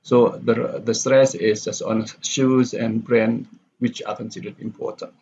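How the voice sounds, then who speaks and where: In this classroom lecture on word stress, a male instructor reads sentences aloud and then explains which words are stressed. He talks a little slowly in a medium-pitched, darkish voice with little pitch movement. Faint background noise accompanies the dull, lo-fi sound.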